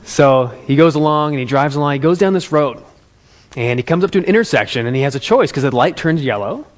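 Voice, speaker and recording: Animated storytelling man. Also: a little high, fast talker. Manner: animated, conversational, talks to the audience. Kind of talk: storytelling talk.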